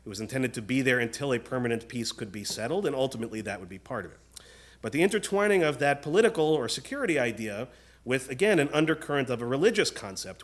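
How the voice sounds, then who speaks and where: Rabbi guy preaching at friday night service, earnest and measured, keeps asking the room stuff. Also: medium pitch. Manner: earnest, measured, often asks the room questions. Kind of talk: sermon. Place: synagogue sanctuary.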